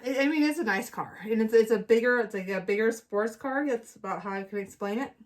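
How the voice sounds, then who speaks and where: Her voice is fairly high and a little fast: a middle-aged woman co-hosting a casual chat, spinning an animated story and acting out lots of different voices.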